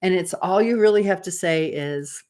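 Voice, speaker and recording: A woman's voice: fairly low pitch, moderate pace, darkish tone. A woman in her fifties, a dating coach telling a personal story as advice in a chatty, rambling way. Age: 50s. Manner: chatty, rambling, acts out quoted dialogue.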